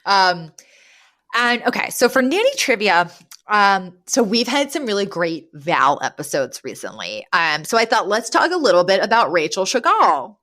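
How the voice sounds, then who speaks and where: A woman co-hosting a podcast, chatting casually about a sitcom episode, enthusiastic and quick to laugh. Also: mid-range voice. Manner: laughs often, animated and enthusiastic. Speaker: podcast co-host.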